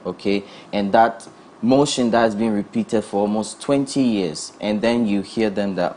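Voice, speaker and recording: A young man with a thick Ghanaian accent, speaking as a physiotherapy guest in a studio interview. He explains calmly and steadily in a very deep voice. A faint hum sits in the background. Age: young adult. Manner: calm, measured explaining.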